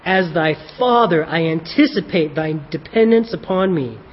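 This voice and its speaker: A man with a fairly high voice preaches a sermon, posing questions and answering them himself, and reads a devotional in an old-fashioned scriptural style. His voice carries a long reverb on a dull, slightly muffled recording with faint background noise. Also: expressive, normal speed. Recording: dull, echoey hall with faint hiss.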